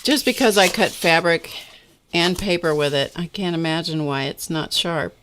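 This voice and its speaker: A woman's voice: fairly low pitch, moderate pace, a bit bright, a little hiss or hum. A woman hosting a live art session, chatting casually and rambling in a self-deprecating way while she crafts. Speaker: host of an art livestream.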